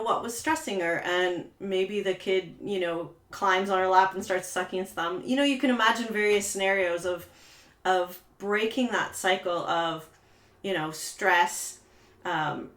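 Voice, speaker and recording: A woman trauma therapist speaks casually to camera, rambling a little with frequent fillers. Her voice sits at a middle pitch, and the room around her rings with noticeable echo. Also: a little slow, fairly bright tone. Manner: conversational, many "you know" fillers, acts out quoted voices. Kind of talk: talking-head coaching video. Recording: roomy echo.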